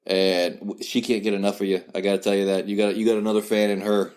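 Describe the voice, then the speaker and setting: A man's voice: lowish voice, little pitch movement, fast, a little mellow. A man hosting a casual podcast interview, a comedian who talks chattily, jokes and stumbles over his words.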